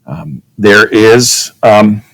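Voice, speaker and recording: Male teacher, deep voice, relaxed classroom lecture style that keeps checking in with the class. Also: extremely slow, gravelly, no room sound, low-quality recording. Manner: casual, checks in with "okay?", demonstrates with his own voice.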